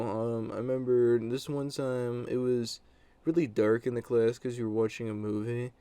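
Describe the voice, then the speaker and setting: A man's voice: medium pitch, mellow, smooth, no echo. A young adult man telling a story from his school days in a casual, blunt monologue, with many fillers and crude words.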